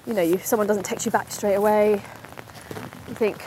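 A woman's voice: mid-range voice, steady tone, normal speed, mellow, slight background noise, low-quality recording. A woman, a podcast host, talking in a rambling, chatty way while walking outdoors through a park in the rain, laughing at herself now and then. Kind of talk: casual spoken monologue while walking.

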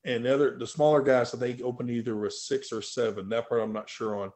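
A man, a powerlifter guest, telling a story in a casual podcast chat. He swears freely and his voice jumps loud and high when he quotes himself. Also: level tone, quick pace.

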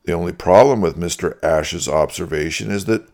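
A man reading a prepared Bible teaching in a measured, methodical way, marking each quotation aloud. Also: low-pitched, darkish tone. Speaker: Bible teacher answering critics. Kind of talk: scripted reading.

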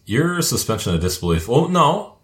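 A man's voice: mid-range voice, very animated, moderate pace. A man chatting casually as a podcast co-host, cracking crude jokes and swearing freely. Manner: crude joking, swears, laughs often. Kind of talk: casual chat. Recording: roomy echoey room.

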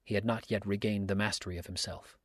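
Narrator: male, lower voice, dry close recording, steady audiobook reading. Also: fast talker, no echo. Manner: steady, earnest storytelling.

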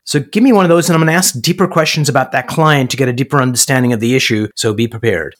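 A man's voice: medium pitch, quick pace. A man hosting a podcast, asking questions and telling stories that act out the people he quotes. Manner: storytelling, acts out quoted voices. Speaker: podcast host. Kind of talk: conversational interview.

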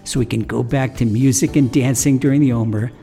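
A man with a gravelly, creaky voice tells a folksy story that shifts into a sermon. He chuckles as he talks, keeping a homespun, conversational manner. His pitch sits in a middle range for a man. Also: steady tone, a little fast, dark tone, soft background music. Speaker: storyteller and religious teacher.

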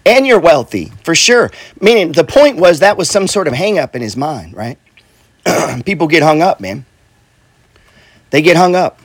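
A real estate investor and coach gives a casual motivational talk about money in a fairly high, very animated voice. He speaks at a measured pace with long pauses and a slightly rough tone, recorded dry. He's blunt and profane, repeats himself, and leans on "right?" and "bro."

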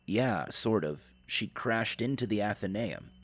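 A man's voice: lowish voice, expressive, measured pace, a bit bright, breathy edge, heavily acted. A man voicing a frightened captive man who answers in a dry, sardonic tone. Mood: strained.

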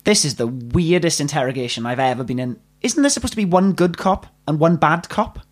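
A woman's voice: low-pitched, lively intonation, fairly quick. A woman voicing Terence, an exasperated, blunt male suspect in a police interview. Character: grumpy male suspect under questioning.

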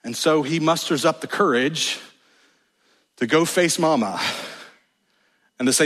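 A male pastor delivers an animated, emphatic sermon with wry asides. His husky, slightly high voice swings widely in pitch. It rings with the long reverb of a large church hall. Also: measured pace, long pauses.

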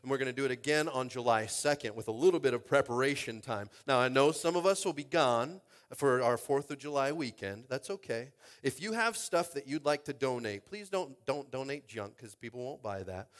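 A male pastor running a lively church service, joking and playful and often raising his voice to the room. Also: medium pitch. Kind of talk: church service games and announcements. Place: church sanctuary stage.

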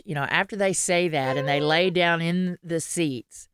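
A woman's voice: deep voice, unhurried, hardly any pauses, clear, resonant tone, no echo, clean studio sound. A woman, co-hosting a podcast in casual, rambling chat, laughing often and restarting her sentences. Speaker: podcast co-host.

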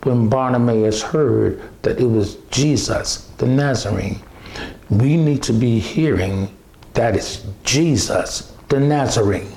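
A man preaching a sermon, slow and emphatic, repeating phrases and restarting often. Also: medium pitch, gravelly, a little mellow, roomy sound.

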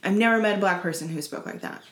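In casual conversation, a woman with a mid-range voice tells stories fast and with animation, acting out the people she quotes. The recording is reverberant.

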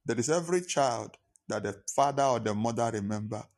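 Male pastor, mid-pitched voice, sermon delivery with repetition and acted-out phone calls. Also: expressive, fairly quick, darkish tone. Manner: preaching with repetition, acting out phone calls in pidgin.

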